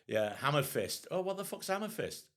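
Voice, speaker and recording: A man's voice: a little high, fairly quick. A man co-hosting a loose podcast chat, his voice swinging up and down as he rambles through ideas. He restarts his sentences often and drops the odd swear word. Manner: lively, rambling, with stop-start restarts and swearing. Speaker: podcast co-host. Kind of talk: casual pub-style chat.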